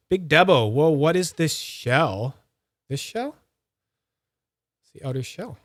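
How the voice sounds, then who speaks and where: A man's voice: fairly high pitch, expressive, takes it slowly, long pauses, fairly bright tone, dry recording, studio quality. A man streaming live, chatting casually and talking through each step of a hands-on demo while answering his chat. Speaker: fidget toy streamer.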